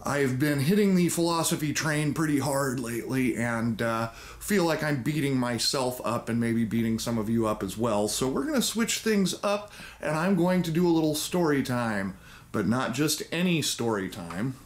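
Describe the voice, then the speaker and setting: A man's voice: medium pitch, animated, moderate pace. A man hosting a video and reading an old children's story aloud with wry, theatrical asides. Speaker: YouTube host. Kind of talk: joking story-time reading.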